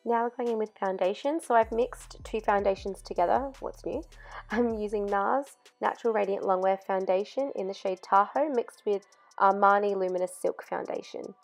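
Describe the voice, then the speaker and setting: Her voice is medium in pitch, a little quick and touched with vocal fry, with faint music behind it. The young makeup artist chats her way through a tutorial voice-over step by step, using fillers, as she loses her voice.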